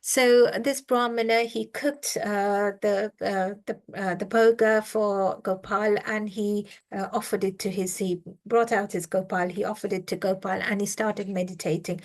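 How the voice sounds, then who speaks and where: A woman leading a reflective scripture reading, telling a devotional story in a gentle, halting way with many fillers. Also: mid-range voice. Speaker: scripture class speaker.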